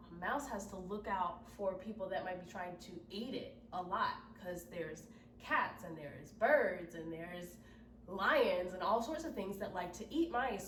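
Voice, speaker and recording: A woman teaching children an acting lesson, explaining slowly and patiently and often asking "right?". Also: medium pitch, a little hiss or hum. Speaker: drama teacher. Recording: roomy echo, from mic distance.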